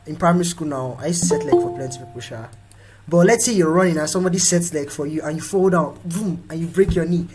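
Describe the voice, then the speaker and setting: Husky Nigerian man giving a pep talk. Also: on the high side, fast talker, faint music behind, rough recording. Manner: animated, acts out quoted voices. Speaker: host. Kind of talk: motivational live talk.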